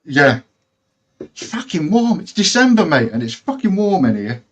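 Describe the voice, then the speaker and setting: Sweary, excitable guy. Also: high voice, moderate pace, muffled recording. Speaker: guest. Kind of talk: casual live-stream chat.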